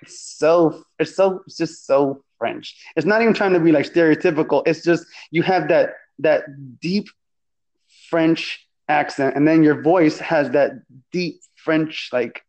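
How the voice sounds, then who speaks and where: A man's voice: fairly high pitch, measured pace, a little mellow, poor audio. A man chatting casually as a podcast guest. He laughs a lot and restarts his words often. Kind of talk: casual chat.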